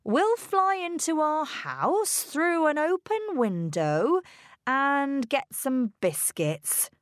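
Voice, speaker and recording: A woman reads the part of a calm, practical father from a children's storybook. He speaks very slowly and carefully, and his pitch moves lively up and down. The sound is dry and close. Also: no room sound, exaggerated voice. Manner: slow, careful read-aloud delivery. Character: fatherly man, calm and resourceful.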